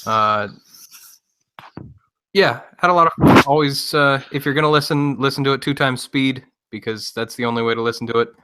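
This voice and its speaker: A man with a bright, crisp voice chats casually with a group of podcasters. He speaks in a quick, offhand way and jokes lightly. His voice sounds smooth and clear. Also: medium pitch.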